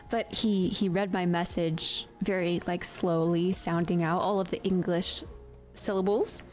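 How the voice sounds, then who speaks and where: A woman's voice: medium pitch, darkish tone. A woman streamer chatting casually and giggling often while she works on a 3D model. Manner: chatty and giggly, with many fillers.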